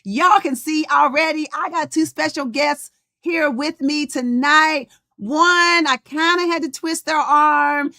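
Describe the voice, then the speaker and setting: A woman's voice: high-pitched, a little slow, bright, forceful tone. A middle-aged woman hosting a podcast livestream in casual chat, greeting viewers by name. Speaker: podcast host and coach.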